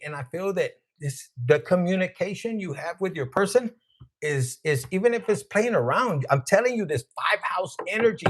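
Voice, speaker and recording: A man giving a live tarot reading, joking and swearing, often laughing and chatting with viewers by name. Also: high-pitched. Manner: profane, joking, acts out voices. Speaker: tarot reader.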